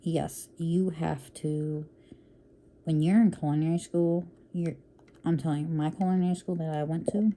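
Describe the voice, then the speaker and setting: A woman's voice: low voice, fairly even intonation, moderate pace, mellow. A woman vlogging casually while she works on a craft, calling her viewers y'all and often breaking off to apologize or talk to herself. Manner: chatty, calls viewers y'all, apologetic asides; talks to herself while working. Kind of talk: casual chat while diamond painting.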